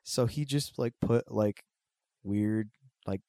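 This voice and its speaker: Young man, casual storyteller, profane and animated, dry close mic. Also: takes it slowly, no room sound. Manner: animated, profane, acts out quotes with big pitch jumps.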